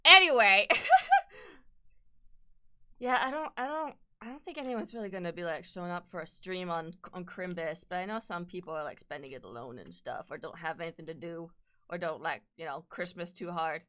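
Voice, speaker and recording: A woman's voice: fairly low pitch, fairly quick. A young woman chatting casually on a live stream in a put-on British accent, self-deprecating, laughing often and swearing freely.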